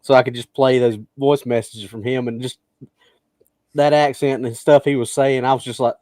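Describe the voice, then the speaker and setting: A man's voice: medium pitch, fairly even intonation, moderate pace, dark tone, dry recording. A man co-hosting a podcast, telling stories with frequent laughter in casual chat. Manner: storytelling, laughs often. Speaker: podcast co-host.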